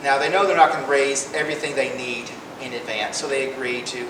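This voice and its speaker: A man's voice: steady tone, fairly quick, few pauses. A man giving a casual public lecture in a library room, retelling history in everyday conversational talk. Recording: echoey room, distant mic, rumbling noise.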